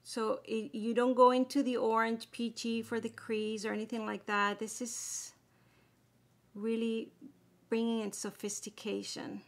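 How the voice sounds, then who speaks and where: Slow, gravelly-voiced woman doing makeup. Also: on the high side, level tone. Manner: chatty, explaining steps while applying makeup. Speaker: beauty vlogger. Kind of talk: casual makeup tutorial chat.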